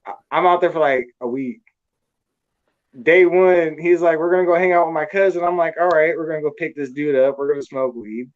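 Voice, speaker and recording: A man's voice: fairly high pitch, fairly quick, highs cut off. Blunt, profane man telling a story. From California. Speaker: storyteller guest. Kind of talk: casual storytelling.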